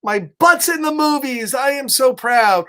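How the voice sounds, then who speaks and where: A man reading the lines of a boastful young boy from a picture book aloud to children, in slow, sing-song rhyme. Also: very high-pitched, lively intonation, a bit bright, pitched above the performer's own voice, heavily acted. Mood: proud, sing-song. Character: boastful young boy proud of his noisy bottom.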